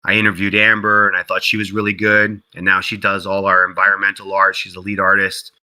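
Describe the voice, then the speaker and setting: A man being interviewed about game development, telling stories in a casual, animated way, full of "like" and "you know", and acting out what others said in a raised voice. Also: fairly quick, low-quality recording. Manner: animated storyteller who acts out quotes in a higher voice; heavy use of "like" and "you know".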